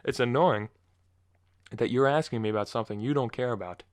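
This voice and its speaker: A man's voice: mid-range voice, fairly quick. A young man hosting a podcast, ranting casually and with exasperation in a rambling, self-correcting way. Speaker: podcast host. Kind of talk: casual solo monologue.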